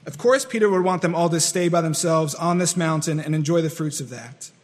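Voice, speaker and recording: Male pastor, high-pitched, earnest sermon delivery with long hall reverb. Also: a little fast. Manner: earnest, repetitive, acts out quoted voices.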